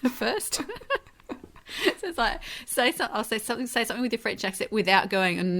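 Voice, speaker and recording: A woman's voice: mid-range voice, gravelly, fairly bright tone. A woman co-hosting a podcast, casually sharing family anecdotes and laughing often. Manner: laughing, anecdotal, quick asides. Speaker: podcast co-host. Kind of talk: casual chat.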